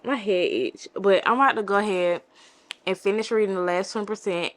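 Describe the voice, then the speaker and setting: Young woman, lowish voice; casual vlogger, exasperated, restarts a lot. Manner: expressive, exasperated, stammering restarts. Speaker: book vlogger. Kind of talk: casual reading vlog chat.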